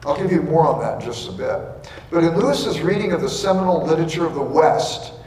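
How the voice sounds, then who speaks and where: A man's voice: a little high, animated, fairly quick, a little mellow. A middle-aged man giving a lecture with earnest explanation and wry asides. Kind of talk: lecture with anecdotes. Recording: echoey hall, speaker far from mic.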